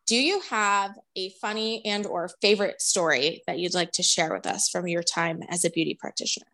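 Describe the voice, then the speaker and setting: A woman's voice: fairly low pitch, a little fast, pushed and bright. A woman interviewer and fellow hairstylist, chatty and upbeat in casual conversation. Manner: chatty, upbeat, uses "like" often.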